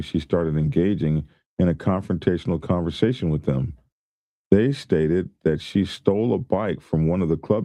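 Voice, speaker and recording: A man's voice: sits low, dark tone, no room sound. A man hosting a show, giving rambling casual commentary and reading viewer comments aloud. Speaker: host.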